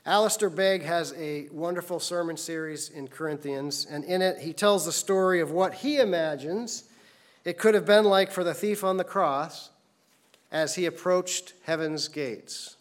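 A man's voice: on the high side, unhurried. Earnest male preacher with a raised voice. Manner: earnest storytelling preacher, voices characters in anecdotes. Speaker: pastor. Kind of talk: sermon.

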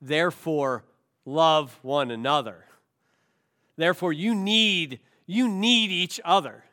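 A male pastor preaching a sermon. He asks rhetorical questions and swings between hushed, slow lines and loud, emphatic ones. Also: on the high side.

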